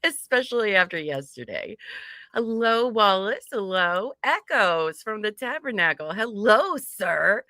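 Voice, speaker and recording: A woman's voice: medium pitch, sing-song, a little slow, sharp tone, no room sound, clean studio sound. A woman co-hosting a casual livestream, greeting viewers by name with frequent giggles. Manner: bubbly, giggly, reads chat names aloud. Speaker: livestream co-host.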